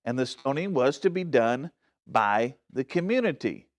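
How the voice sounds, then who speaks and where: A man's voice: medium pitch, big pitch swings, moderate pace. A man giving a Bible study sermon in a church. He speaks earnestly and with emphasis, often checks in with his listeners, and restarts and corrects himself as he goes. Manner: frequent restarts and self-corrections. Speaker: pastor teaching a Bible study.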